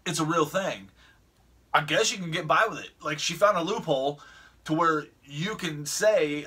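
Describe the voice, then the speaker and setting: Bright-voiced middle-aged man rambling a story. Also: fairly high pitch, normal speed, slightly rough. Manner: rambling with many restarts and chuckles. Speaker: vlogger. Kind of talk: casual storytelling vlog.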